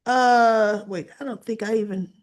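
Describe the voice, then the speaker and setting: A woman's voice: on the high side, fairly even intonation, unhurried. A woman hosting a casual soap opera recap, retelling scenes and acting out the characters' lines in a chatty way. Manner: chatty, addresses viewers as y'all.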